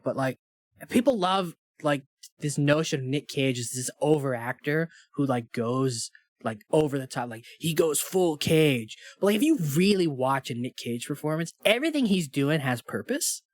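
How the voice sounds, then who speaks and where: A man's voice: medium pitch, no echo, studio quality. Rambling guy ranting about movies. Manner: rambling, lots of "like", animated when ranting. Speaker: podcast co-host. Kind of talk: casual movie review chat.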